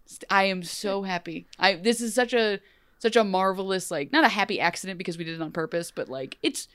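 A young woman co-hosting a podcast in a loose, animated, rambling way, often breaking into laughter. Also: mid-range voice, a little fast, clean tone, no echo, studio quality. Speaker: podcast co-host. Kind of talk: casual podcast chat.

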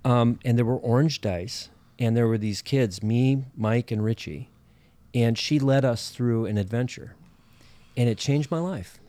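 A man's voice: medium pitch, mellow, no room sound. A man from northern Minnesota, a podcast guest telling a story in casual chat with many fillers and restarts. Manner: halting, many fillers and restarts, laughs often.

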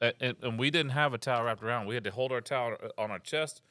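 A man telling Coast Guard boot camp stories in animated, heavily profane casual chat. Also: mid-range voice, fast talker, no echo. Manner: animated, heavy cursing, acts out quotes. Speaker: podcast host, Coast Guard veteran. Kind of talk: casual storytelling.

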